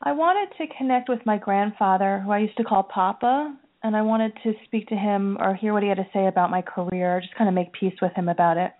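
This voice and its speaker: A woman's voice: mid-range voice, fairly quick, hardly any pauses. A woman calling in to a radio show, asking politely and earnestly. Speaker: caller. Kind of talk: call-in radio question. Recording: tinny phone line.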